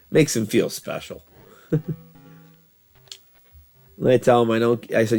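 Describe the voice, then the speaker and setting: A man's voice: medium pitch, takes it slowly, pauses often, darkish tone, faint music behind. A man giving casual gameplay commentary, telling rambling stories with frequent laughter and swearing. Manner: rambling, laughing, profane storytelling. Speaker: gaming channel host.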